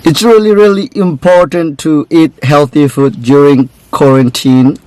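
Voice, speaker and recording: Young guy, fairly high voice, switches languages, pleading tone. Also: steady tone, measured pace, darkish tone, clear, resonant tone, poor audio. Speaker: boyfriend in prank video. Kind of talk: casual conversation.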